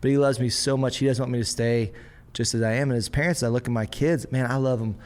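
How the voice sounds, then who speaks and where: A young adult man hosting a church podcast in a casual, chatty way. He is an animated storyteller who slips into quick voices for his kids and his own father. His pitch sits in the middle for a man. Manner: animated storyteller acting out family scenes. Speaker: podcast host and pastor.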